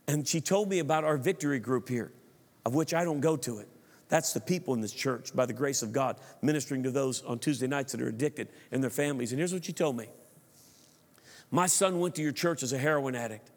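A pastor delivers a sermon with earnest, preacherly emphasis, often repeating words as he tells a story. His voice sits a little high for a man. The sound carries a long reverb from a large church sanctuary.

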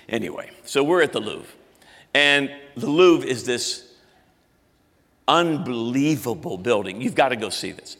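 A man's voice: mid-range voice, fairly bright tone, big-room sound. A man in his fifties preaching a sermon as pastor, in a loose, chatty way, often restarting his sentences. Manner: conversational, self-interrupting, frequent restarts.

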